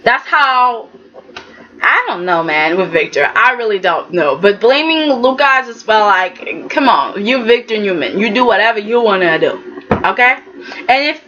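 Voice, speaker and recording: A woman giving a casual, animated recap of a soap opera episode, talking straight at the characters. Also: on the high side, highs cut off, slight background noise.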